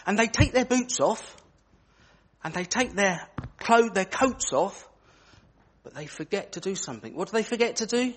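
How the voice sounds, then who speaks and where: Lively husky man. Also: high voice, moderate pace. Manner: animated, asks children questions. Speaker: children's talk leader in church. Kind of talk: interactive children's talk.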